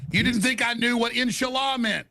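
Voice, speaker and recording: A man's voice: extremely high pitch, fairly even intonation, a little fast, bright, forceful tone. A man in a heated debate, combative and blunt, mimicking his opponent.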